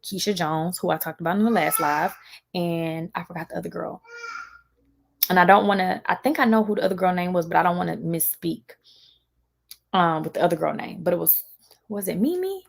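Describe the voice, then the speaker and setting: A young woman, talking casually on a live stream to viewers, animated and mimicking others in raised voices. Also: fairly low pitch, a little fast, creaky.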